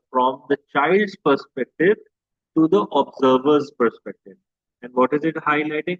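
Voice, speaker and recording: A man's voice: mid-range voice, no echo. A man teaching a literature lesson, mixing Hindi and English and answering his own questions. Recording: dry, tinny phone-like audio.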